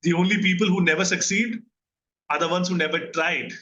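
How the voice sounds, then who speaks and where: A man with an Indian English accent speaks in a high, fairly even voice, fairly quick and sharp in tone. He's a therapist giving an earnest recorded mental health lesson, often asking his listeners questions and checking in with them. The audio is dull, with a little hiss or hum.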